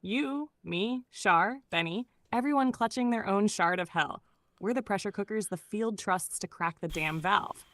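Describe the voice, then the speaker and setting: A woman's voice: mid-range voice, unhurried, fairly bright tone, no echo. A woman's voice, an AI co-host delivering an intense, conspiratorial pep talk that counts off steps, recorded close and dry. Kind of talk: scripted motivational talk.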